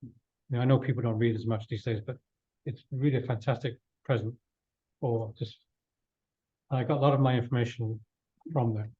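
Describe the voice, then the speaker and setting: A man's voice: mid-range voice, fairly even intonation, brisk, pauses often, slightly rough. A man giving a casual slide talk to a club, rambling with many restarts and losing his voice a little. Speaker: guest speaker. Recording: dull lo-fi room recording.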